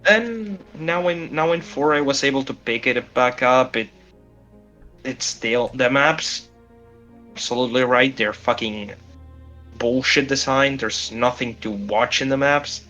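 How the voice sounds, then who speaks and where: A man hosting a casual video game chat, blunt and quick to swear. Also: mid-range voice, pushed and bright, highs cut off, faint music behind. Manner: blunt and profane.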